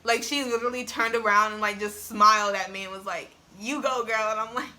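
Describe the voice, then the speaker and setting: Talking fast with hardly any pauses, a young woman vlogger uses a mid-range voice that's bright and forceful to tell a personal story. The casual clip, chatty and full of "like" and laughter, was filmed on a tripod-held phone; she's a young adult.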